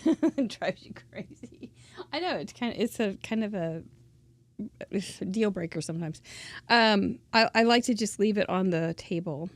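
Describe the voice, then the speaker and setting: A woman's voice: mid-range voice, expressive, a little slow, dry recording. A woman giving a chatty, casual crafting tutorial, drifting into asides and laughing often. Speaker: crafting instructor.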